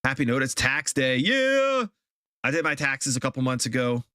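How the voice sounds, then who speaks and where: Bright-voiced ranting male streamer. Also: mid-range voice, little pitch movement, fast talker, dry recording, clean studio sound. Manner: ranting, exasperated, repeats himself. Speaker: game streamer. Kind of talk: casual live-stream chat.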